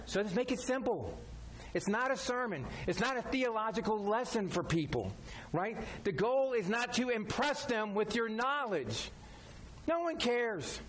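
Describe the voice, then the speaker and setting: A man's voice: high-pitched, big pitch swings, a little slow, a little hiss or hum. A man preaching a sermon as a pastor, talking directly and conversationally, repeating his key phrases.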